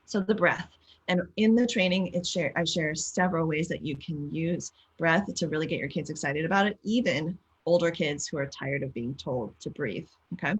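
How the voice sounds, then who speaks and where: Casting: woman parenting coach, low and breathy, encouraging, keeps checking in with listeners. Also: moderate pace, dull audio. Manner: encouraging, guides listeners through exercises; frequent checking "okay?" and "right?". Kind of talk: live online coaching talk.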